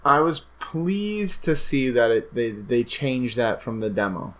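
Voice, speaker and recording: A man's voice: medium pitch, unhurried. A man co-hosting a casual podcast chat, telling game stories with lots of swearing and animation. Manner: profane, animated storytelling. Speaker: podcast co-host.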